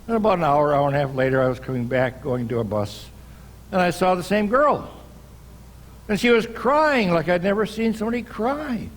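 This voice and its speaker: An older American pastor delivers a church sermon, telling a story at an unhurried pace with pauses and restarts. His voice is high and animated.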